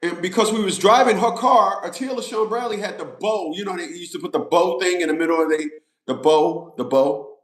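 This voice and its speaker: A man's voice: high voice, brisk. A man talking straight to his viewers in a casual monologue, emphatic and repetitive, like a preacher. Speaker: vlogger. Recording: roomy echo.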